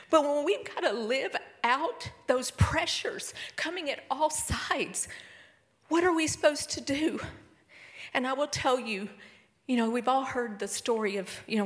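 Middle-aged woman, sermon testimony, emotional, swings from soft whisper to excited. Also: a little high. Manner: emotional storytelling, swings between hushed whispers and excited bursts. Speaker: speaker at a church service.

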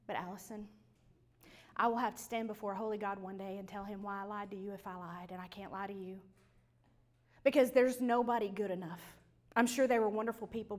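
A woman telling a personal faith story, acting out voices and dropping to a near whisper at tense moments. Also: medium pitch. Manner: animated, acts out quoted voices, trails to a near whisper. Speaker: speaker sharing a personal testimony.

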